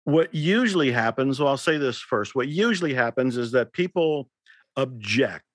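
A man speaking as an interview guest, earnest and reflective, often slipping into quoted dialogue as he explains. His voice sits at an ordinary pitch for a man. It is recorded dry and close, with no room echo. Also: lively intonation, moderate pace, slightly rough. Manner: earnest, storytelling with acted-out quotes. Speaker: author and teacher, interview guest.

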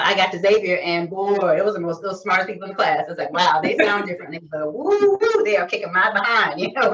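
Low-voiced woman storyteller from Detroit. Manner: animated storyteller, acts out quoted voices. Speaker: guest, chiropractor. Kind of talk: casual storytelling interview. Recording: distant lo-fi sound.

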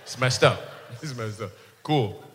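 Speaking at a measured pace, a male comedian with a medium-pitched, slightly bright voice does crowd work, poking fun at audience members and chuckling at his own lines. It's captured on a handheld stage mic, with long hall reverb and faint room noise.

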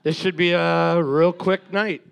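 A man with a somewhat high, gravelly voice trades dry wisecracks with the host. He talks in casual, offhand bursts. His jokes are crude. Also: fairly even intonation, a little slow. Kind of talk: casual banter.

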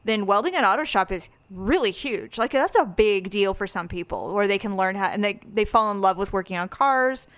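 A woman co-hosting a podcast, telling stories in a chatty, animated way with quick asides. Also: medium pitch, dry recording. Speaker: podcast co-host. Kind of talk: casual chat.

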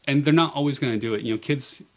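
A middle-aged man, a pediatric oncology nurse, telling stories in an earnest, gentle way with many "you know"s. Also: medium pitch, fast. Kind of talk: reflective storytelling in a podcast interview.

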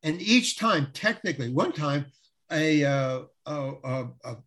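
A man's voice: fairly high pitch, unhurried. A middle-aged man casually telling a long anecdote, laughing often and acting out what people said. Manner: animated storyteller, laughs often, acts out quotes. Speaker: guest telling a story.

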